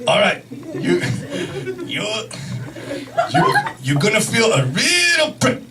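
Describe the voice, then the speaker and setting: A man's voice: extremely high pitch, huge pitch swings, over a noisy crowd, exaggerated voice. A man voicing a male doctor who speaks clipped, broken English with a Japanese accent. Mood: joking. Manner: clipped broken phrases, halting. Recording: distant mic, loud audience laughter.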